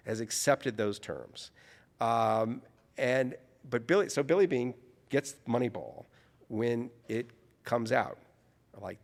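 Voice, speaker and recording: A male author from New Orleans spins anecdotes as an interview guest. His voice ranges widely in pitch as he works himself into each story, and he keeps doubling back on his own phrasing. A long reverb hangs on the room. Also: vocal fry. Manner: animated, self-correcting storyteller.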